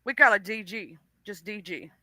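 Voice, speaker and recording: A woman from the Deep South with a Southern US accent, chatting on a talk stream in a folksy, teasing way. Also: sharp tone, no echo. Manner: folksy, teasing, drawn-out explanations. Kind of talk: casual chat.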